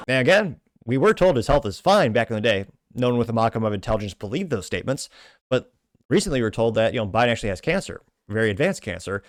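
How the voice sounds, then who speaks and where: A man's voice: mid-range voice, big pitch swings, fast talker, faint music behind. A man hosting a commentary podcast, reading social media replies aloud with sardonic asides and frequent self-corrections. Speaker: show host.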